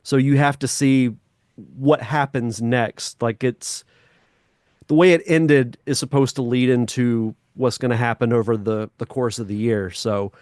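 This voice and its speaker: Male co-host, casual chat, mid pitch, measured, dry close mic. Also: darkish tone, dry recording. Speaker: podcast co-host.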